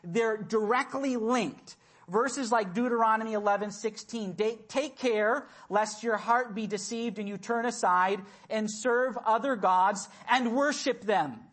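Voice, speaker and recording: A man preaching a sermon in a church, speaking deliberately and repeating key words for emphasis. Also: sits high, fairly bright tone.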